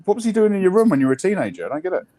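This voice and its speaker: Lively, wry man. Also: high-pitched. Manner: lively, wry, quick to laugh. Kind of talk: casual chat.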